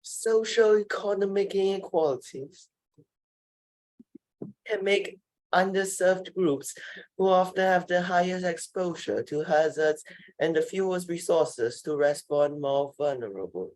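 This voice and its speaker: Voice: medium pitch, measured pace, darkish tone, dry recording, poor audio. A student reading a passage aloud to the class, carefully and steadily.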